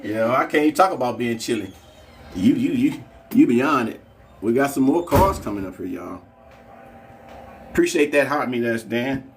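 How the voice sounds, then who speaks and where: A man's voice: medium pitch, animated, normal speed, long pauses, far from the mic, a little hiss or hum. A man with a St. Louis accent, hosting a casual livestream from a drag strip, chatting with viewers and calling races. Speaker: livestream host. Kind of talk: casual live commentary.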